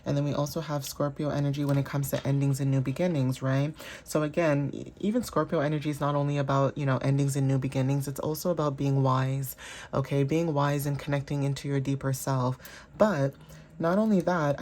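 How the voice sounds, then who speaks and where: A woman reads tarot for her audience in a casual, rambling way. Her voice sits low and sounds warm and mellow. She fills her talk with "you know" and often checks in with "okay?". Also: a little hiss or hum. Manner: chatty, filler-heavy, checks in with "okay?". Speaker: tarot reader. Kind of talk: casual intuitive tarot reading.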